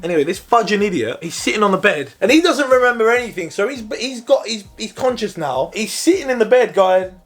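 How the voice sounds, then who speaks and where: A young man telling a story in a casual vlog, animated, swearing a lot and often restarting his sentences. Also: fairly high pitch, a little fast. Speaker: vlogger.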